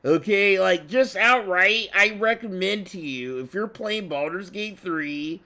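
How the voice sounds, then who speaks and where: A man doing casual reaction commentary over a game stream, profane, excitable and rambling. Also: high-pitched, a little slow. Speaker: restream commentator.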